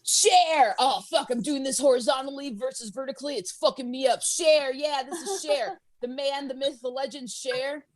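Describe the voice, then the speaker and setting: A woman doing a stand-up set of deadpan one-liners over a live stream from home, often laughing at her own jokes. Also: high voice, moderate pace. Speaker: stand-up comedian.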